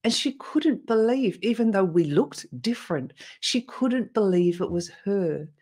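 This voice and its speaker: A woman's voice: medium pitch, lively intonation, unhurried, a little mellow. A woman guest in an interview, earnestly retelling a personal experience with emotion and small restarts. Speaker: interview guest, motivational speaker.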